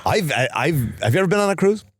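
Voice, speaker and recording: A man's voice: fairly high pitch, very animated, fast, slight background noise. A man with an Irish accent co-hosting a comedy podcast, rambling through stories with many restarts and acted-out quotes. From Ireland. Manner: rambling storyteller, restarts and acts out quoted voices. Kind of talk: casual comedic chat.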